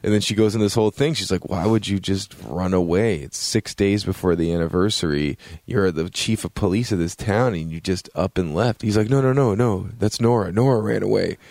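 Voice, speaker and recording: A low-pitched man talks loosely and profanely as a podcast co-host, retelling scenes in quick put-on voices. His voice is dry, with almost no room sound. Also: darkish tone, no echo. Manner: swearing, acts out scenes in quoted voices. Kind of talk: casual review chat.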